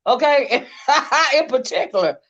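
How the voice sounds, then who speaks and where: A woman's voice: high-pitched, expressive, a little slow, over a noisy crowd. A woman hosting a casual panel chat, sassy and teasing, laughing often. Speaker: channel host. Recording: dull lo-fi stream audio.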